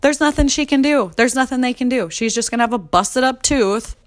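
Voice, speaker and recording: A woman's voice: high-pitched, brisk. A young woman in her twenties telling funny mom-fail stories in a casual confessional chat, laughing often and swearing freely. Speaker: mom vlogger.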